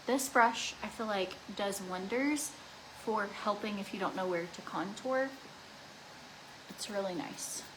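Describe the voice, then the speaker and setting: A woman's voice: medium pitch, measured pace, noisy background. A young woman chatting casually while doing her makeup at home, rambling with lots of "like" and restarts. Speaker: beauty vlogger.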